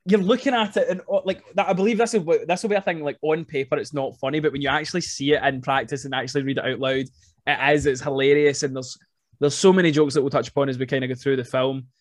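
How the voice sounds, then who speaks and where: A man hosting a podcast, chatting casually and excitedly about a film, rambling, swearing now and then, and filling his talk with "like". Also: on the high side, fast, no room sound, clean studio sound. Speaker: podcast host.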